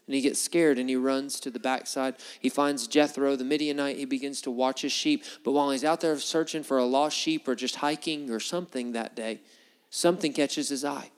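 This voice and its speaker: A man's voice: steady tone, fairly quick, clean tone, long reverb tail. A man preaching a sermon, retelling Bible stories and acting out the dialogue in changing voices. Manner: storytelling, acts out biblical dialogue with shifting pitch.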